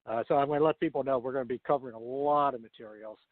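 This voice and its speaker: A man co-hosting a political talk radio show, telling stories in a chatty, animated way. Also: medium pitch, very fast, no room sound. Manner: chatty storyteller, animated retellings. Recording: dry tinny phone line.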